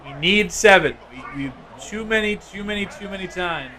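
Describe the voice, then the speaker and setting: A man streaming a football video game, giving casual, excitable play-by-play and chatting with viewers. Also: high voice, normal speed, few pauses, slight background noise. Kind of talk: live gameplay commentary.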